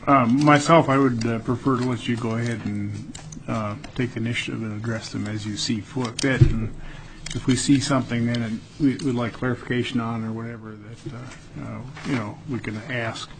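A man chairs a legislative committee hearing in an ordinary mid-range voice. He talks haltingly and fills his pauses with uhs and ums. A faint ambient hum runs underneath. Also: medium pitch, steady tone.

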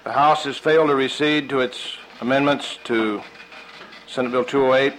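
Brief: male house speaker, measured procedural chairing, hesitant, faint background hiss. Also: mid-range voice, steady tone, a bit bright, low-quality recording. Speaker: presiding speaker of a state house. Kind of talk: parliamentary chairing. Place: legislative chamber.

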